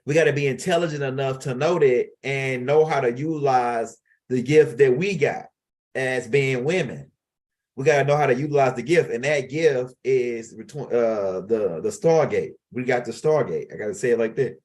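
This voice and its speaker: A man's voice: medium pitch, moderate pace, a little mellow. Middle-aged male teacher, casual and rambling, plain mid-range voice, lots of restarts. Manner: rambling and street-casual, with frequent restarts and asides. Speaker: teacher of an esoteric class. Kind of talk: loose, casual lecture.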